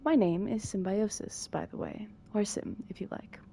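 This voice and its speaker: A woman's voice: medium pitch, moderate pace, gravelly, dark tone, slight background noise, close to an everyday voice. A woman voicing a playful, mischievous male alien gardener who puts odd stress on his words.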